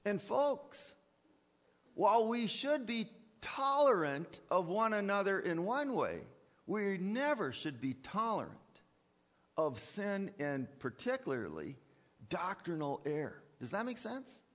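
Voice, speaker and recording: Animated preacher in an echoing church. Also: male voice, high-pitched, takes it slowly. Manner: animated, with repeated words and sarcastic asides. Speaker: preacher and college teacher. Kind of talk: sermon.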